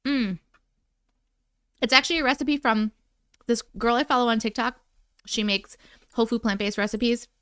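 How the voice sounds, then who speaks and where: A woman's voice: a little high, fairly even intonation, normal speed, long pauses, a bit bright, clear, resonant tone, no echo, clean studio sound. A woman hosting a casual livestream, greeting chatters by name in a playful, sing-song way while snacking. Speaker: livestream host.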